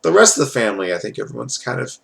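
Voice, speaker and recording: A man's voice: mid-range voice, very animated, racing, vocal fry, fairly bright tone. A man reviewing a wrestling reality show in a casual, rambling vlog, swearing freely and filling gaps with "uh" and "like". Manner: rambling, profane, lots of filler.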